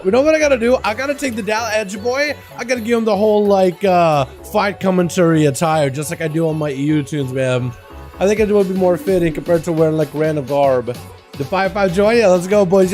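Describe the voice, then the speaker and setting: Streamer, male, slight Russian accent, high-pitched, slangy and casual, faint music underneath. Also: a little mellow. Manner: slangy and laid-back, greets chat with "yo" and "boys". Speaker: game streamer. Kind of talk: casual livestream chat.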